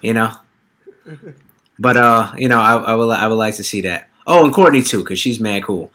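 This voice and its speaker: A young man hosting a casual podcast chat, rambling with many halting restarts. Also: on the low side, pushed and bright.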